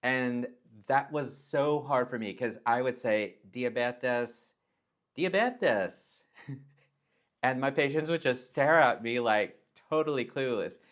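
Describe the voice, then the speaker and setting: A man's voice: medium pitch, a little slow, fairly bright tone. A man from Texas, talking casually in a vlog and acting out word pronunciations with exaggerated tones. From Texas, United States. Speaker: nurse vlogger.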